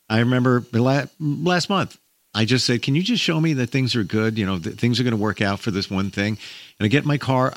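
A man hosting an interview, telling his own stories in a chatty, lively way. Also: fairly low pitch. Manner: chatty, lively storytelling with laughs. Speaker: interview host. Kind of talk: casual interview talk.

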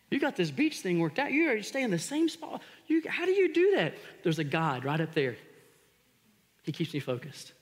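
A man preaching a sermon as pastor, telling stories animatedly and shouting out re-enactments. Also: sits high, wildly swooping pitch, normal speed, long pauses. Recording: long hall reverb.

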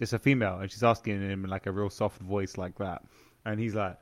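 Man, podcast host, low voice, stumbling and restarting, casual chat. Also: lively intonation. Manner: halting, restarts and trails off while asking.

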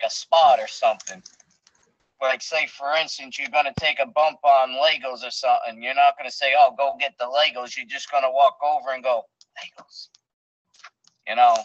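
A man's voice: medium pitch, dry recording. Blunt rambling man, dull dry audio. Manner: blunt, rambling, frequent fillers and restarts. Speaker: professional wrestler guest. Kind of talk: casual interview storytelling.

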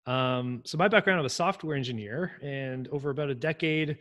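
A man who works as a software engineer, a podcast guest chatting in a friendly, rambling way. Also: mid-range voice, fairly quick, highs cut off. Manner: friendly, rambling, chuckles, talks through tasks. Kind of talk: casual chat.

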